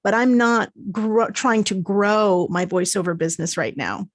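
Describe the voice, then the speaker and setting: A woman's voice: mid-range voice, a little slow, no room sound. A woman talks candidly in casual conversation, in a mid-range voice. She speaks as a voiceover teacher talking about her own work. The sound is close and dry. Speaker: podcast co-host, voiceover teacher. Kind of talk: casual chat.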